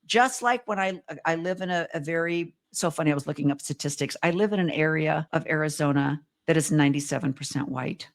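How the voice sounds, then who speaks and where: Female host, lively and exclamatory, slightly low voice, casual conversation. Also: brisk, few pauses. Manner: animated, exclamatory. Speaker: podcast host. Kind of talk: casual chat.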